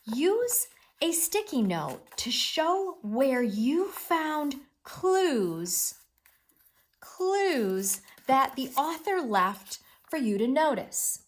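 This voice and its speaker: A woman teacher giving an expressive, encouraging read-aloud reading lesson with lots of emphasis. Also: high voice, drawn-out words.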